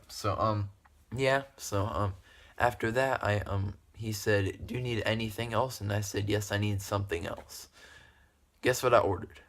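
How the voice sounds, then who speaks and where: A man's voice: fairly low pitch, fairly even intonation, moderate pace. A young man vlogger casually telling a story, rambling with fillers and bursts of laughter.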